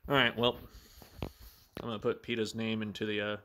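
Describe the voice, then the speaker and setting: Guy vlogging on his phone, kinda low voice, rambly, swears a lot. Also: little pitch movement, normal speed, sharp tone, slight background noise. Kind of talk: casual vlog talk.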